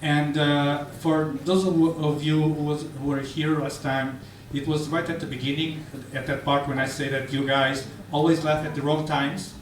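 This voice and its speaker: A man's voice: fairly high pitch, flat delivery, normal speed, hardly any pauses, slight background noise. A man performing a live stand-up set in a bar, hesitant with stammering restarts. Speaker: stand-up comedian. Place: bar stage, indoors. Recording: roomy, distant mic, faint ambience.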